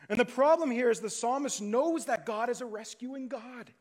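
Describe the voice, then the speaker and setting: A man with a notably high-pitched voice preaches a sermon from the pulpit. He moves between raised, pleading passages and hushed, low-spoken stretches as he works through the text. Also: normal speed, hardly any pauses. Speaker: pastor.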